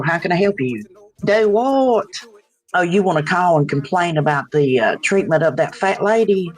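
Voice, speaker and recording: A blunt, sassy older customer service lady drawls through her insults, as a woman puts her on for a comedy skit. Her pitch swings widely and her voice has a slight huskiness. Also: husky, exaggerated voice.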